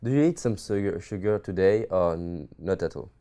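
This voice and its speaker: A man with a very low, dark voice asks questions as an interviewer. His tone is smooth and clear. He speaks hesitantly and admiringly, restarting his sentences. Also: expressive, normal speed. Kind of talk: interview talk.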